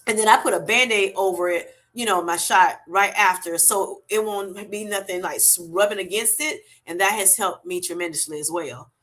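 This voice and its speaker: A middle-aged woman hosting a casual livestream, chatting warmly and thanking viewers by name. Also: mid-range voice, normal speed, hardly any pauses. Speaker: livestream host. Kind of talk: casual livestream chat, reading comments.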